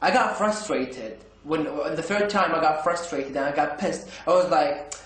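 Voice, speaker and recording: A man tells a story to camera in a casual vlog, his voice sitting a little high. He rambles, stumbling and restarting his phrases. The room around him rings with noticeable echo. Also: normal speed, a bit bright. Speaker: vlogger.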